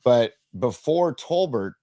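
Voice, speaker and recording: A man co-hosting a casual sports and music chat show, reading out viewer messages and talking in halting bursts with many restarts. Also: mid-range voice, animated, mellow, no echo. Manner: halting, lots of ums and restarts. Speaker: podcast co-host.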